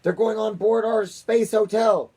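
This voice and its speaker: A man voicing an excitable male president in a storybook read-aloud, shouting and pitched up. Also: normal speed, husky. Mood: excited.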